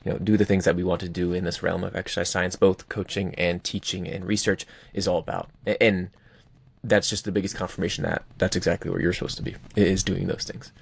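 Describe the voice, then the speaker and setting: Low gravelly-voiced man, effusive podcast co-host. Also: little pitch movement, fast. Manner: enthusiastic, effusive, laughs often. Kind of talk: casual chat.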